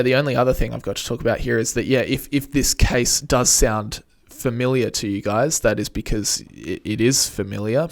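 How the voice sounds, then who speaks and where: A young man co-hosts a casual finance podcast, his voice slightly strained from being unwell. He talks loosely, with many fillers and a joking edge, at a mid pitch. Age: young adult. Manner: chatty, jokey, lots of fillers. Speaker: podcast co-host.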